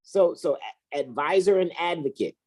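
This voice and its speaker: With a dark tone and an animated delivery at normal speed, a woman co-hosts a casual, heated conversation. Her speech is profane, emphatic and preachy, moving back and forth between high and low pitch.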